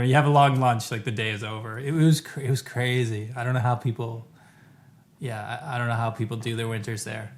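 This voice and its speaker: A man casually telling a travel story to camera, rambling and correcting himself as he goes, with lively bursts when he quotes people. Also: medium pitch, slight background noise.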